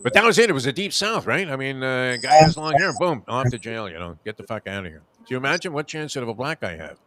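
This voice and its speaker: A man's voice: mid-range voice, lively intonation, fast, fairly bright tone, soft background music. Rambling older man telling a story. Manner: rambling, full of fillers and restarts. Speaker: radio show host. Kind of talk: casual storytelling chat.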